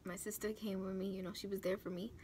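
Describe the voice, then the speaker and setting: A young woman talking through her tears while doing her makeup on camera, halting and restarting often. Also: mid-range voice, little pitch movement, noisy background. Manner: tearful, halting, many restarts and fillers. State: close to tears. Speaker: beauty vlogger. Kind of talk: emotional talk during a makeup tutorial.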